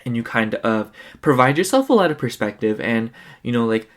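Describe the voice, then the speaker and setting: A man's voice: medium pitch, very animated, normal speed, fairly bright tone. A tired man doing a casual pick-a-card tarot reading, rambling and filling his talk with "like" and "you know". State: tired, yawning. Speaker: tarot reader.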